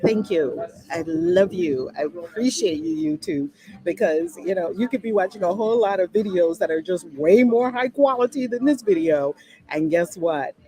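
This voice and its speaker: A woman's voice: medium pitch, lively intonation, moderate pace, mellow, rough recording. A woman acting as spiritual teacher, giving a live, heartfelt and chatty talk and prayer reading into a laptop's built-in mic. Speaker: spiritual teacher leading a daily lesson.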